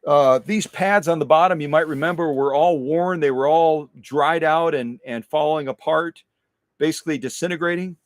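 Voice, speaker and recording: Middle-aged male workshop host, talkative and self-mocking, a touch high-pitched, dry recording. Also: moderate pace, no room sound. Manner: chatty, repeats phrases, self-deprecating. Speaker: livestream host restoring sewing machines. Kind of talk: casual live-stream chat while working.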